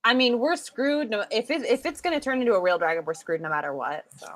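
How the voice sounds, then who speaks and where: An eager woman taking part in a tabletop game. Her voice sits fairly high, and she chats in a playful way as she decides what her character does. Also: animated, fast, fairly bright tone. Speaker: player.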